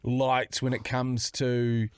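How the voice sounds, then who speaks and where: Enthusiastic podcast host. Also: male voice, mid-range voice, flat delivery, takes it slowly, clean tone, dry recording, clean studio sound. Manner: enthusiastic, swears freely. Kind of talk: casual podcast introduction.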